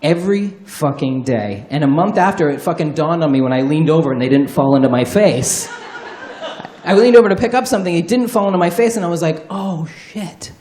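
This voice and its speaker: A man's voice: on the high side, a little fast, a little mellow. A man telling a wry, candid, profanity-laced comedic story live on stage at a storytelling show. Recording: roomy live venue sound.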